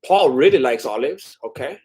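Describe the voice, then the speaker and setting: A man's voice: mid-range voice, lively intonation, moderate pace, darkish tone, breathy edge. A man hosting a casual live watch-along stream, reading viewer comments aloud while eating, chatty and a bit scattered, laughing often. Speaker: livestream host.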